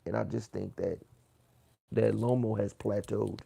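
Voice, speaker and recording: A man hosting a boxing livestream, reading chat comments aloud in a loose, swearing, casual way that turns loud when he gets riled. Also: lowish voice, steady tone, measured pace, vocal fry, slightly rough. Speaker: boxing channel host reading live chat.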